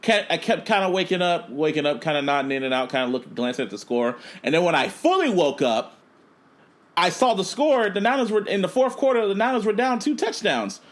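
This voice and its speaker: A man with a fairly high voice co-hosts a casual podcast. His pitch swings widely as he tells a story. He rants animatedly and swears freely. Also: very animated, brisk. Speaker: podcast co-host. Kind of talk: casual chat.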